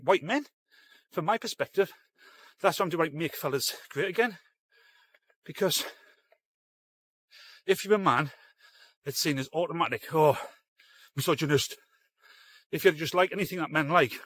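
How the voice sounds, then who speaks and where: A man's voice: a little high, fairly bright tone, slightly rough, dry recording. A middle-aged man, hosting a live-stream show in a rambling, sweary, blunt way. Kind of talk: casual live-stream rant.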